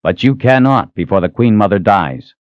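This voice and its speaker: A man voicing a defiant young male hero who wields magic, speaking forcefully and with measured threats. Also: on the low side, animated, no room sound, lo-fi sound, natural voice. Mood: commanding.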